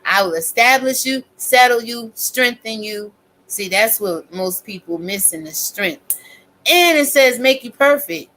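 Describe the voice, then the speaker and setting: A woman's voice: a little high, lively intonation, unhurried, bright, forceful tone, rough recording. A woman content creator ranting in a casual vlog, preaching with scripture and lots of cursing. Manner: profane, preachy and fiery; quotes scripture. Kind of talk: casual commentary vlog rant.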